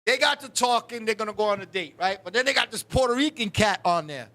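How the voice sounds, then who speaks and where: Male live-stream host with a very high, piercing voice. Animated, swears freely, laughs a lot. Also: fast. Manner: animated, profane storytelling with frequent laughs. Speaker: talk show host. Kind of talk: casual live-stream chat.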